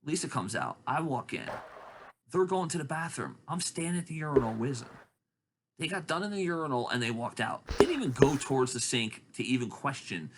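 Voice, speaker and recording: A man telling long rambling stories in casual chat, acting out other people's lines in high voices. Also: expressive, a little fast, background noise. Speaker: podcast host.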